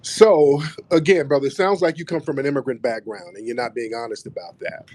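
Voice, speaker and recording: A man's voice: mid-range voice, brisk, darkish tone. A man hosting a live online audio room, taunting a caller in a heated debate and calling him "brother" over and over. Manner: taunting, repeats "brother", mocking. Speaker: host.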